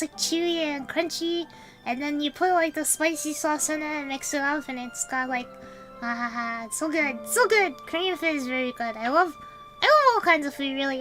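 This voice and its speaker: A woman streams a relaxed chat, her voice high and bright as she rambles and giggles through replies to viewers. Faint music plays underneath. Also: rough recording. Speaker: VTuber streamer. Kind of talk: casual livestream chat.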